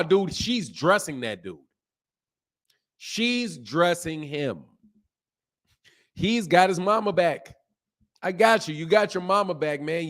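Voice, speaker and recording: Animated slangy male stream host. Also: on the high side. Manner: animated, slangy, reads chat comments aloud. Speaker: boxing channel host. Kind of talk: casual live-stream chat.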